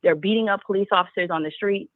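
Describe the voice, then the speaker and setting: Over a tinny phone connection, a female caller to a talk show speaks passionately at a quick pace, her medium-pitched voice loaded with rhetorical questions. There's no echo.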